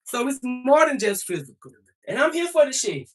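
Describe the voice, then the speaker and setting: A woman's voice: high-pitched, big pitch swings, moderate pace, distant mic, soft background music. A young adult woman livestreaming to her chat, talking back at trolls in a profane, emphatic and confrontational way. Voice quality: profane, defiant.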